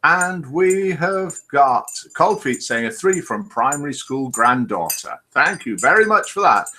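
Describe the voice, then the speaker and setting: A man hosting a casual live online show, talking chattily as he reads out scores and greets viewers. His voice is slightly high for a man and sounds bright. His pitch moves up and down a lot as he talks. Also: very animated, measured pace, a little hiss or hum.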